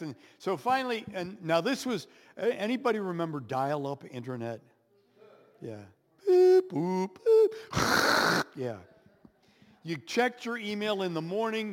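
Man, preacher, high voice, very lively pitch, storytelling sermon, hall reverb. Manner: animated storyteller, dramatic pauses and sound effects. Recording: echoey hall with long reverb.

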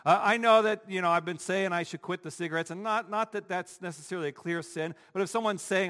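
A man preaching a sermon as pastor, emphatic, swinging from quiet asides to loud declarations. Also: high voice, fairly even intonation, brisk, big-room sound.

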